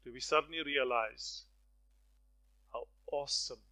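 A man preaching a sermon, swinging from hushed lines to loud, stirring ones and acting out the voices in his stories. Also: mid-range voice, unhurried, poor audio. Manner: dramatic swings from soft to loud; storytelling with acted voices.

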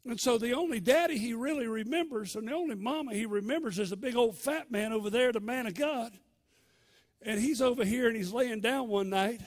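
A male pastor, preaching a sermon in a dramatic storytelling way that swings from loud to hushed. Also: high-pitched.

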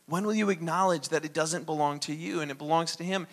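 A man preaching a sermon as pastor, animated and acting out little dialogues. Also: on the high side, quick pace, few pauses.

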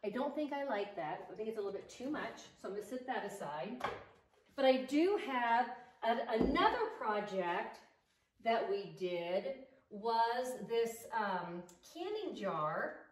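Lady doing a diy decor vlog, kinda high voice, thinking out loud, roomy echo. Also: sing-song, a little slow. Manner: enthusiastic, thinks aloud while arranging decor. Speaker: home decor DIY vlogger. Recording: roomy echo, distant mic, faint noise.

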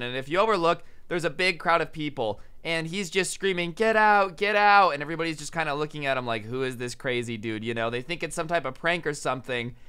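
A young man, a storytime vlogger, telling a story in a casual, animated way, often saying "like" and shouting out the lines he quotes. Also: on the high side, clear, resonant tone.

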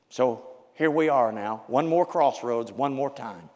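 A man preaching as a pastor, with a raspy, loud voice, swinging from shouts to hushed prayer. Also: medium pitch, lively intonation, a little slow, long reverb tail. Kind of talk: sermon. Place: church sanctuary.

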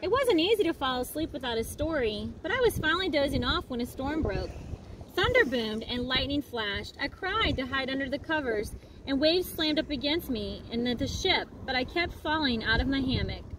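A woman reads a children's picture book aloud with lively, expressive delivery. Her voice sits high and moves around a lot, in a noisy outdoor recording by a lakefront. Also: moderate pace. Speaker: storybook reader.

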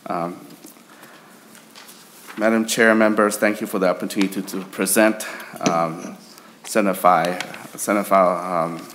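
A man chairing a state senate committee hearing, speaking in a halting way with repeated words. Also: low voice, steady tone, fairly bright tone, a little hiss or hum. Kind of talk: legislative hearing remarks.

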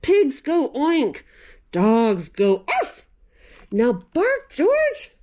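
A woman voicing an excited, insistent mother dog in a picture book, calling out in high, emphatic scolding tones. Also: drawn-out words, heavily acted.

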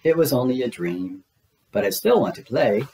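A man voicing a gentle, cheerful, honey-loving bear in a storybook read-aloud, with a soft, childlike manner. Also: medium pitch, sing-song, moderate pace, creaky. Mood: wistful cheer.

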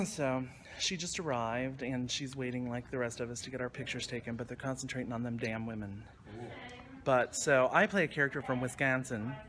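A man with a slight West Virginia accent hosts a casual backstage chat, joking and teasing his fellow actors. His voice sits at an ordinary middle pitch. The camera mic picks up clear room noise on the theater set. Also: moderate pace. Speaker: host. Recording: noisy room sound.

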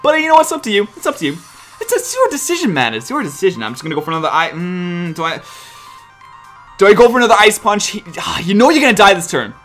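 A man's voice: sits high, big pitch swings, fast, fairly bright tone, faint music behind. A young man giving live commentary over his own competitive game, exasperated and self-mocking, often talking straight to his opponent. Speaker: gaming commentator.

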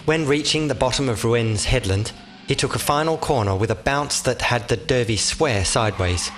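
A man's voice: medium pitch, a bit bright, faint music behind. Man narrating an audiobook. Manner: measured, vivid storytelling.

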